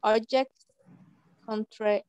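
A woman student reading a list aloud in class, halting and breaking words apart. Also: fairly high pitch, fairly even intonation, darkish tone, smooth, no echo, muffled recording.

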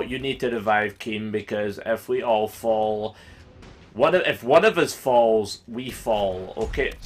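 A young Scottish man commentating his gameplay live, excitable and sweary, often bursting into yelling. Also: medium pitch. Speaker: gaming YouTuber. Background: game music.

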